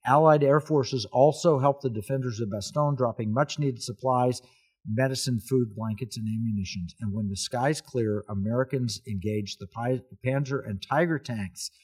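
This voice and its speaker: A man's voice: mid-range voice, normal speed, darkish tone, slightly rough. Man host, earnest storyteller, plain mid voice. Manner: earnest storytelling, emphatic repetition. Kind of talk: casual history talk.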